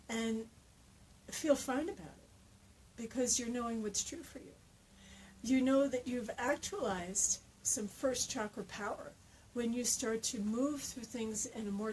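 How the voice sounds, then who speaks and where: Woman leading calm affirmations. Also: fairly high pitch, a little hiss or hum, low-quality recording. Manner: slow repeated affirmations, then relaxed explaining. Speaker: energy healing teacher. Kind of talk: guided tapping exercise and teaching talk.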